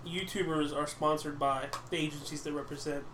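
A man's voice: a little high, flat delivery, fairly quick, fairly bright tone. A man co-hosting a casual podcast, playful and jokey as he chats. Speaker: podcast co-host. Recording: roomy room with faint background noise.

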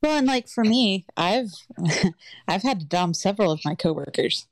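A woman on a podcast chatting casually, assertive and quick to laugh. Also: medium pitch, lively intonation, no room sound. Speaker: podcast co-host.

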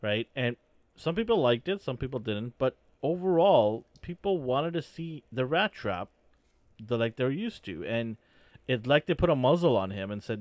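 A man's voice: mid-range voice, animated, moderate pace, darkish tone, no echo. A man in a casual fan discussion, opinionated and rambling as he builds his points.

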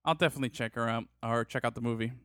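A man's voice: mid-range voice, racing, fairly bright tone, smooth, no room sound, studio quality. A man hosting a podcast in casual banter, joking, laughing and rambling between topics. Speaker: podcast host.

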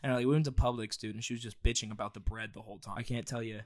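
A man's voice: medium pitch, fairly even intonation, very fast, no echo. An American man co-hosting a podcast, telling a crude story in a rambling, casual way with lots of fillers. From United States. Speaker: podcast co-host. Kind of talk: casual chat.

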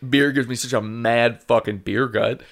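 A man's voice: mid-range voice, fairly even intonation, normal speed, creaky, fairly bright tone. A man co-hosting a comedy podcast, laughing often and swearing casually as he jokes. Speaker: podcast co-host.

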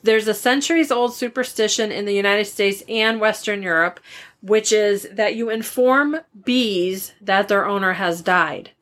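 A middle-aged woman co-hosts a podcast in relaxed, casual chat. She tells anecdotes at length and slips into the voices of the people she quotes, with a mid-range pitch. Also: a little slow. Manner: chatty storyteller, acts out quoted voices. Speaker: podcast co-host.

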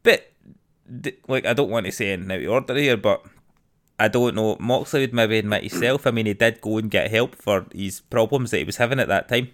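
A man's voice: fairly low pitch, a little fast, fairly bright tone. A young Scottish man in casual podcast chat, blunt, sweary and enthusiastic. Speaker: podcast co-host.

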